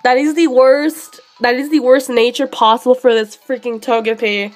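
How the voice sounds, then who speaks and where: A woman streamer chatting casually and excitably while playing a game, often pausing on drawn-out fillers. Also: sits high, soft background music. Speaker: streamer hunting shiny creatures in a game. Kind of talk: casual live-stream chat.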